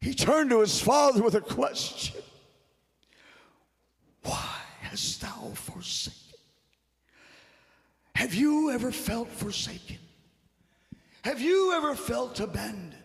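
A man preaching a Good Friday sermon in a church sanctuary, swinging from hushed whispers to shouted exhortation and repeating short phrases for emphasis. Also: very high voice, animated, measured pace, gravelly. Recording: long church reverb.

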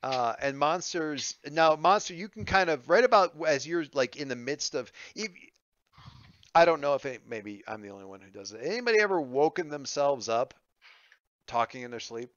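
Smooth-voiced guy running a tabletop game, rambly and hesitant, dry muffled lo-fi sound. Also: a little high, lively intonation, normal speed, a bit bright, no echo. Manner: rambling, hesitant, lots of fillers. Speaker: game master.

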